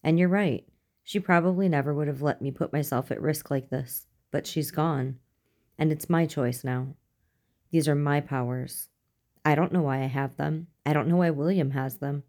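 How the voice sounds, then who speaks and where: A woman voicing a determined teenage girl who speaks in an even, resolute tone. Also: low-pitched, moderate pace.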